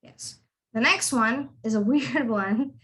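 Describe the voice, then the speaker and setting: A woman leads an online accent lesson over a video call. Her voice is bright and sits a little high. She repeats each word several times and asks her students to echo it back. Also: slow pace. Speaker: accent tutor.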